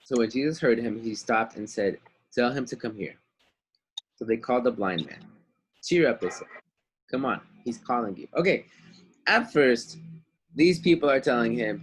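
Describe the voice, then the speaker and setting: A man's voice: mid-range voice, lively intonation, moderate pace, pauses often, breathy edge, rough recording. A man teaching a Bible lesson over a video call, retelling the story casually in everyday slang. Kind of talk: online Bible class lesson.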